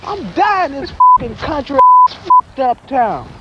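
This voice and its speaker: A man's voice: very high-pitched, wildly swooping pitch, a little slow, highs cut off, pitched above the performer's own voice, exaggerated voice. A man voicing a frantic woman who shrieks and curses about being stuck in a country town. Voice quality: shrieking, foul-mouthed. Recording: loud outdoor noise.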